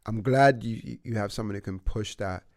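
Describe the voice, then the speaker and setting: A man's voice: fairly low pitch, brisk, darkish tone, dry recording, clean studio sound. A young man, a laid-back podcast host chatting casually with his guest. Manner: laid-back, rambling, lots of fillers and laughs. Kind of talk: casual interview chat.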